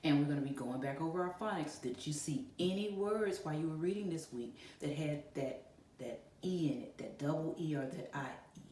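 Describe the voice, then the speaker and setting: This teacher talks a little fast in a low, mellow voice, addressing her virtual kindergarten and first-grade class with encouragement and questions. Slight hiss or hum sits in the background. Her voice is a bit far from the mic in an echoey classroom.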